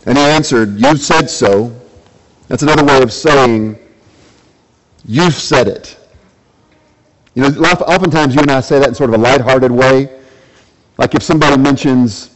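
A man's voice: normal speed, poor audio. A man preaching a sermon, reading scripture and asking his listeners repeated rhetorical questions. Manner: rhetorical questions, acts out quoted lines with rising pitch. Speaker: pastor.

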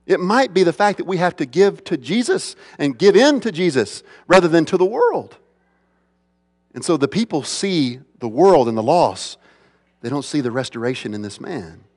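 A man's voice: a little high, big pitch swings, moderate pace, a little mellow, long reverb tail. A man preaching a sermon as pastor, emphatic, with repeated phrases and rhetorical questions.

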